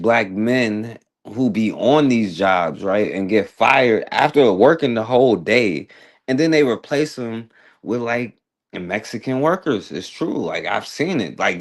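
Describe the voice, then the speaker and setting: A man hosting a talk radio show, giving blunt, emphatic commentary with a sarcastic edge. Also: fairly low pitch.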